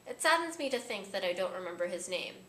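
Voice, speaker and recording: A woman's voice: medium pitch, big pitch swings, quick pace, fairly bright tone. Earnest woman narrating in an echoey room. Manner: thoughtful, earnest. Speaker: vlogger. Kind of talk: reflective voice-over narration. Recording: echoey room with faint noise.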